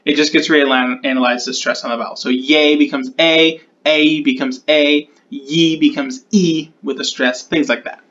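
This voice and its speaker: Guy explaining his conlang sound changes, thinking out loud and fixing himself, kinda muffled lo-fi audio. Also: on the high side. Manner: thinks aloud, corrects himself mid-sentence. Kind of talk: casual explanatory walkthrough.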